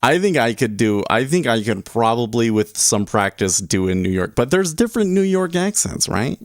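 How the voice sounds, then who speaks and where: A man's voice: mid-range voice, sing-song, moderate pace, no room sound, clean studio sound. A man hosting a day trading livestream, rambling casually and chuckling as he reads chat aloud.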